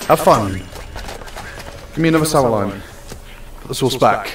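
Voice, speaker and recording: A man's voice: medium pitch, expressive, a little slow, long pauses, recorded from a distance, faint music behind. A young man streaming a game, chatting casually and playfully bossing around the customers. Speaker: gaming streamer. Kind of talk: casual live-stream commentary. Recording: roomy echo, off from the mic.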